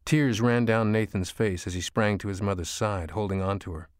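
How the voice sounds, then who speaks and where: A man reading an audiobook as narrator, slow and hushed storytelling. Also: on the low side, clear, resonant tone, no echo, clean studio sound. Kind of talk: scripted narration.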